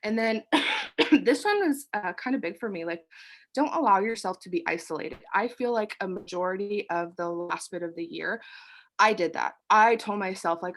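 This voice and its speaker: A woman's voice: medium pitch, animated, moderate pace. A young woman speaks to her team in a loose, casual pep talk. She is out of breath and winded, and she keeps filling her sentences with fillers and blunt swearing. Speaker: team leader. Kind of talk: casual motivational team chat.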